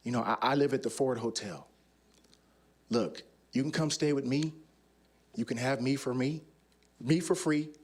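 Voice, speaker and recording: A man's voice: medium pitch, normal speed, pauses often, breathy edge, voice pushed down, close to an everyday voice. A man voicing a weary young woman who pleads with him for protection on the street. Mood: pleading.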